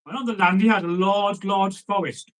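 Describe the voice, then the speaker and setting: A man's voice: high voice, steady tone, normal speed, low-quality recording. A man telling an old folk tale in a casual, chatty way, often breaking off to make asides to the listener. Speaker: storyteller.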